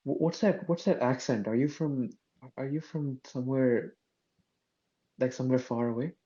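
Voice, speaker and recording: A man's voice: mid-range voice, normal speed, dark tone, lo-fi sound. A man playing a tabletop game, teasing the game master in a playful way. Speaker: player.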